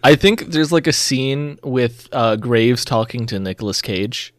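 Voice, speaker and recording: A man playing a tabletop game, thinking aloud in a halting way. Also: medium pitch, expressive. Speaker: player.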